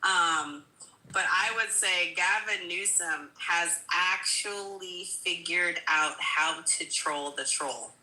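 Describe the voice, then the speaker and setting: A woman speaks as a guest in a casual talk show, drawing out her points slowly and emphatically between bursts of laughter. Her voice is sharp and bright. The sound carries the echo of a bare room. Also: on the low side. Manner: emphatic, laughing, repeats "listen". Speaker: guest commentator. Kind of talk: casual political chat.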